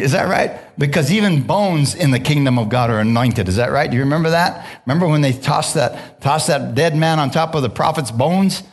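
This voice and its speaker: A man's voice: medium pitch, slightly rough. Call-and-response man preaching a sermon. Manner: call-and-response, frequent "hallelujah" and "amen?"; relaxed, laughing, conversational preaching. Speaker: pastor. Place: church sanctuary.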